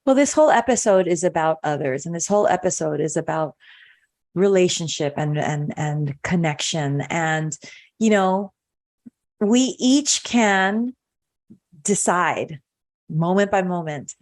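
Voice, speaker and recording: A woman's voice: lowish voice, animated, measured pace, a little mellow. A woman hosting a podcast, talking in an earnest, reflective way and repeating phrases for emphasis. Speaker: podcast host. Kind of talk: casual podcast conversation.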